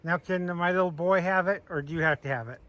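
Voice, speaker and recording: This high-voiced man talks fast, with a pushed, bright delivery. He's a homesteader wandering his little farm outside, chatting casually for a walkthrough vlog and cooing sweetly at his goats.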